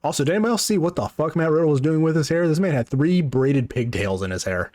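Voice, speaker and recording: A man's voice: a little high, expressive, fast talker, a little mellow, dry recording, clean studio sound. A man co-hosting a wrestling podcast, chatting casually with a lot of swearing and laughter. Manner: profane, laughing, rambling. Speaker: podcast co-host.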